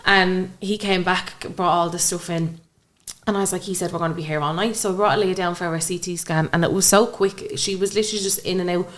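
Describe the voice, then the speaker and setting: Her voice is on the low side, steady in tone, fairly quick and a bit bright. The speaker, a young woman with an Irish accent, is a podcast guest acting out the dialogue she quotes while telling an emotional personal story in conversation.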